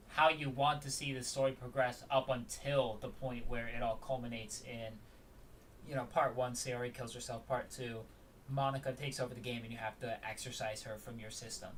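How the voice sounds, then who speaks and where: A man's voice: medium pitch, recorded from a distance, a little hiss or hum. A man chatting casually while streaming a story game, rambling with plenty of ums and the odd curse. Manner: rambling, lots of ums and swearing. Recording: loud game music, voice off-mic.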